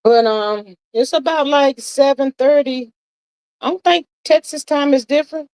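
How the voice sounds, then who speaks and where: A woman's voice: high-pitched, a little slow, darkish tone, no echo, poor audio. A woman hosting a livestream, reading viewer comments aloud and reacting with emphatic, exasperated commentary. She sighs often and keeps calling her listeners "child" and "y'all".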